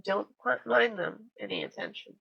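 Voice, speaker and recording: A woman's voice: mid-range voice, wildly swooping pitch, moderate pace, gravelly, a bit bright, slightly rough, highs cut off. A woman narrating a tabletop role-playing game as game master, giggling often between scenes.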